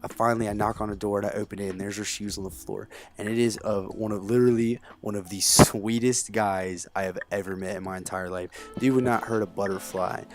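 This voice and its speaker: Over game music, a young let's play host tells a heated story and comments on the game, swearing freely in a blunt, profane way. His voice is lowish and steady, a little fast, with few pauses.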